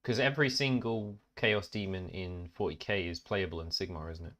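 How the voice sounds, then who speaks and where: Podcast co-host, very low voice, blunt and sweary, casual chat. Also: male voice, normal speed, a bit bright. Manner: blunt, sweary, complaining about game rules.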